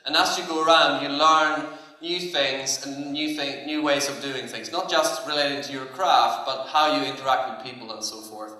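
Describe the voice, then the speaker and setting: Male co-presenter, relaxed and hesitant, brightish voice, echoey venue. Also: mid-range voice, moderate pace. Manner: relaxed, hesitant, many fillers. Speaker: conference speaker. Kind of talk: conference talk. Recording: echoey hall.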